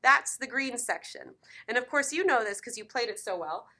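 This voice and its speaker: A woman's voice: on the high side, expressive, moderate pace, bright, forceful tone. A woman teaching piano in a lesson video, encouraging and counting beats aloud.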